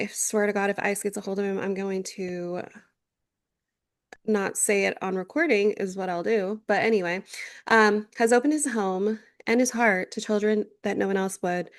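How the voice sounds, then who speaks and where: Chatty swearing woman podcaster. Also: medium pitch. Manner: chatty, swears freely, rambling with fillers. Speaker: podcast co-host. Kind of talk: casual chat.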